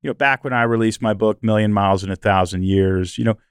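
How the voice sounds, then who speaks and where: A male podcast host telling stories in an animated, chatty way, often using "you know". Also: lowish voice, fast, smooth, dry recording, clean studio sound. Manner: animated storytelling, frequent "you know" fillers. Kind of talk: conversational interview.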